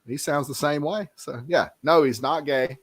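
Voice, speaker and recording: A man's voice: a little high, normal speed. A man hosting a casual fishing podcast, talking in a laid-back but emphatic way. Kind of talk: casual chat.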